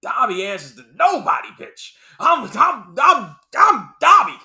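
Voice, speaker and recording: A man voicing a small, defiant male house-elf who shouts in slow, drawn-out indignation. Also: very high voice, big pitch swings, voice pushed up, full character voice.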